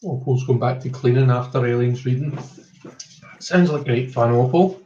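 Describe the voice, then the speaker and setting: A man's voice: medium pitch, moderate pace, a little mellow, slight background noise. A man with a Scottish accent giving a casual tarot reading, hesitant with many fillers and reassuring. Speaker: tarot reader on a live stream. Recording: roomy, dull lo-fi call audio.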